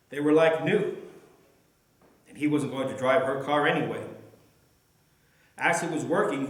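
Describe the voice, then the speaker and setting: A male pastor gently and steadily telling a story as part of a sermon message. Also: a little high. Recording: echoey room.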